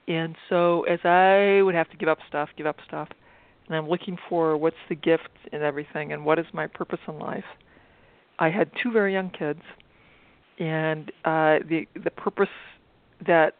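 A woman's voice: deep voice, no room sound. Middle-aged woman doc, chatting on a tinny phone-ish line, dry sound, lots of ums. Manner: thoughtful, halting with fillers and restarts. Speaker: physician guest. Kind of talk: interview conversation.

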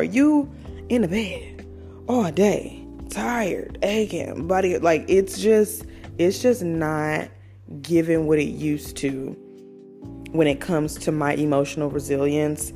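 A podcast host in her twenties delivers a candid, conversational personal monologue, swearing freely and using slang. Her voice is fairly low, darkish and a little slow, with faint music in the background.

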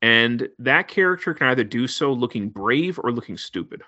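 Bright-voiced man reviewing a horror film. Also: mid-range voice, animated, normal speed, dry recording, highs cut off. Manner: laid-back, filler-heavy, wry. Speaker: podcast co-host. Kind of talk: casual movie review chat.

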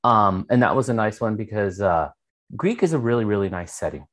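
A man's voice: on the low side, animated, a little fast. A man, co-hosting a podcast, telling stories in a casual, rambling way, with lots of fillers and swearing. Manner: rambling storytelling, heavy filler words and swearing. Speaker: podcast co-host. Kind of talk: casual chat.

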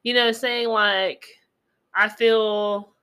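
A married woman co-hosting a podcast in casual chat, animated and joking, laughing often. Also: mid-range voice, extremely slow, clean tone. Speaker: podcast co-host.

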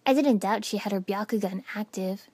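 A woman narrating a first-person story with dramatic expression, dropping to hushed whispers at tense moments. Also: medium pitch, moderate pace, breathy edge, dry recording. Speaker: audiobook narrator.

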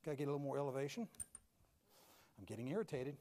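A man preaching a humorous sermon as a pastor, animated and self-mocking, moving from loud bursts to low asides. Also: fast, in a large hall, slight background noise.

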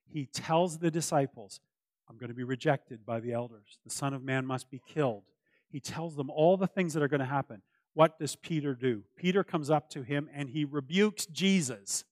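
A man's voice: medium pitch, a little mellow, no room sound. A man preaching a sermon as pastor, earnest and emphatic, repeating his key phrases for weight.

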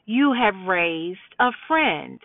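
A woman's voice: medium pitch, very animated, slow pace, vocal fry, no echo. A woman hosting a podcast, giving an emphatic, preachy talk to mothers with rhetorical questions. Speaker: podcast host. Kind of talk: preachy monologue addressing mothers. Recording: dry tinny phone-like sound.

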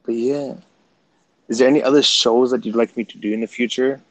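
Man, from Canada, livestream host, casual chat, easygoing, talks to viewers, mid-pitched voice. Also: fairly even intonation, a little fast, no echo, low-quality recording. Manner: chatty, laughs things off, addresses viewers directly.

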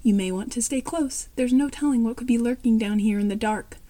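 A woman's voice: on the high side, fairly quick, mellow, close to an everyday voice. A woman reading the lines of a brave, earnest young boy who leads his siblings, in a plain read-aloud manner.

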